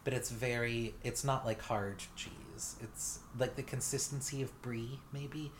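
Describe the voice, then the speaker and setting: A woman's voice: a bass voice, steady tone, measured pace, noisy background. A woman from the United States co-hosting a podcast, chatting casually with lots of fillers and confident asides. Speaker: podcast co-host. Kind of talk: casual chat.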